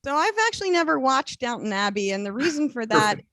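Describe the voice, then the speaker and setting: A woman comedian doing a deadpan, self-deprecating stand-up set on a video call, with filler-heavy pauses. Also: fairly high pitch, no room sound.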